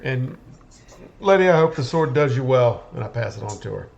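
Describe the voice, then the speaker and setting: A man joins a tabletop game with a strongly gravelly, creaky voice at a middle pitch. He talks in a wry, dry way. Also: lively intonation, moderate pace, highs cut off, a crowd in the background. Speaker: player. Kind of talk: tabletop role-play.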